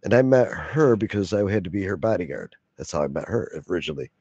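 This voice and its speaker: A man's voice: low-pitched, animated, fast talker, mellow, slightly rough, no echo, dull audio. A man telling a long profane story in a casual way, laughing often and acting out the other voices. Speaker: video blogger.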